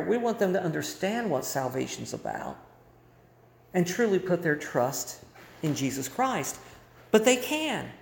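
A male pastor preaching a sermon in a church, telling a story and moving between loud and hushed delivery. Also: high voice. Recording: roomy echo.

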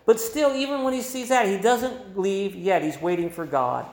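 A man preaching a sermon, repeating key phrases with emphasis and swinging between loud and soft delivery. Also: high-pitched, normal speed, roomy sound. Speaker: pastor.

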